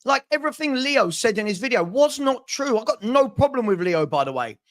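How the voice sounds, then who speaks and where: A man's voice: very high-pitched, very animated, a little fast. A man hosting a football channel, venting on a live stream with stammering restarts and repeated phrases. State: frustrated.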